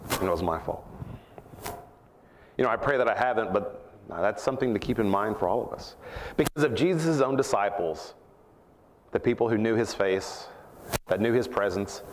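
A man preaching a sermon at church, earnest and reflective, rising in pitch to stress his points. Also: in a large hall, slight background noise.

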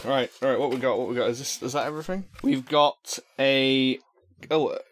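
Here a young man speaks at a brisk clip with a steady tone and medium pitch. Opening fan mail for a casual unboxing vlog in a room at home, he rambles and jokes into a desk microphone, stumbling through fillers and restarts.

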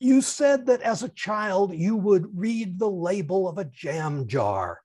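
A man's voice: sits high, animated, slow pace, darkish tone. A man giving a formal, courteous speech evaluation over a video call and lingering on key phrases.

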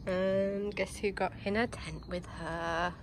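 A woman's voice: mid-range voice, steady tone, takes it slowly. A young woman filming at home, cooing to her baby and dogs in a sing-song baby-talk voice. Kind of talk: home video chat. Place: home indoors. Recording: faint background noise.

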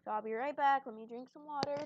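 A young woman hosting a gaming channel rambles through casual, self-deprecating commentary on the game she's playing, sometimes chewing mid-sentence. Her voice is high-pitched and quick, and the recording, made at home on a bed, is muffled with background noise.

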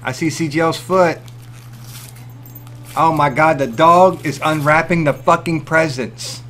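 A man hosting a casual live stream, greeting viewers by name and reacting loudly and profanely to pictures they send, often laughing. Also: a little high, fairly even intonation, measured pace, a little hiss or hum. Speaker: livestream host.

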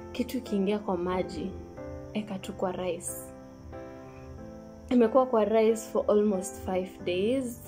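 A woman's voice: mid-range voice, takes it slowly, pauses often, music in the background. A young woman chatting casually in a vlog, slipping Swahili phrases into her English. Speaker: vlogger.

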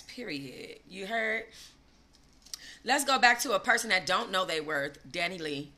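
A woman hosting a gossip live stream, talking casually and animatedly, swinging between loud gushing and low asides. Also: lively intonation, unhurried. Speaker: gossip channel host.

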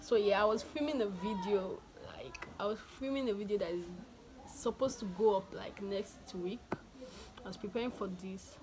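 A woman's voice: medium pitch, moderate pace, crowd noise. A young woman chatting to her viewers in a casual vlog from home, laughing often and restarting her sentences. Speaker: vlogger.

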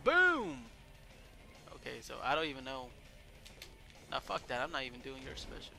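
A man giving casual let's play commentary over a wrestling game, excitable and swearing, yelling at the game and shouting out moves. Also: medium pitch, moderate pace, vocal fry, faint music behind. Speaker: gameplay commentator.

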